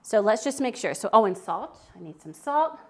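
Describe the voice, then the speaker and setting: A woman's voice: on the high side, very animated, normal speed, noisy background. A woman who hosts a casual live cooking demo in her home kitchen, chatting with viewers and answering their comments while she cooks. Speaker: cooking livestream host.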